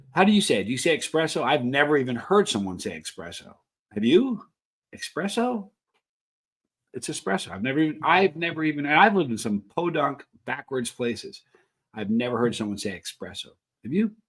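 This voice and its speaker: Lively man hosting a casual countdown. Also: medium pitch. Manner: playful, asides and rhetorical questions to viewers. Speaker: channel host.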